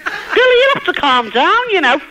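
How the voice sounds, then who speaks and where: A man's voice: very high voice, sing-song, moderate pace, bright, forceful tone, poor audio. A man in comic radio banter, playing along and offering guesses.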